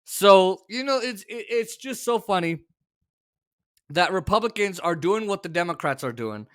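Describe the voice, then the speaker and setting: A man hosting a political commentary show, talking in an opinionated, sarcastic and exasperated way, with sudden shouted bursts. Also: high-pitched, animated, moderate pace, clear, resonant tone.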